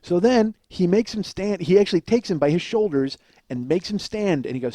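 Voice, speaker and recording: A man's voice: fairly high pitch, expressive, moderate pace, dark tone, no room sound, clean studio sound. A man hosting a podcast, telling a comic story in a profane, exasperated ranting way. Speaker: podcast host. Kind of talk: comedic storytelling monologue.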